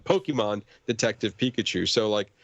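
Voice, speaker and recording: A man's voice: fairly low pitch, lively intonation, brisk, dry recording. A man chatting casually in a movie review podcast, rambling with many fillers and restarts. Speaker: podcast host or guest.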